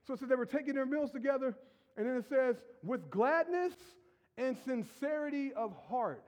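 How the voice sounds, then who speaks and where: A middle-aged male pastor giving a lively, joking sermon, acting out quotes and shouting at times. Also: fairly high pitch.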